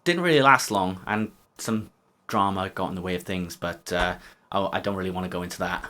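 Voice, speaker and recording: A man's voice: deep voice, fairly quick, sharp tone. A man making casual, self-mocking reaction commentary on his own old video. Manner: self-mocking, wry asides.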